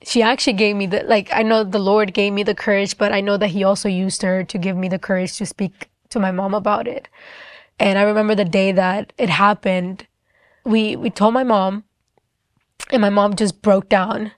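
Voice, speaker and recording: A young adult woman shares her personal faith testimony in an earnest, halting manner. She often stops and restarts, with frequent casual fillers. Her voice sits at a middle pitch and is recorded dry, with no room sound. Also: little pitch movement, no echo.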